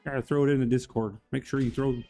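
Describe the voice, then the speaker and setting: A man's voice: mid-range voice, steady tone, fast, dark tone, soft background music. A man streaming live and hosting his channel, chatting casually in a rambling, goofy way and greeting viewers by name.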